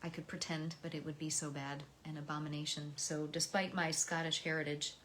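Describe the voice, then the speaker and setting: An American woman reading poems aloud and talking between them in a soft, slow way, her voice often dropping to a whisper. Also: deep voice, level tone, slight background noise. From United States. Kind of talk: reflective poetry reading.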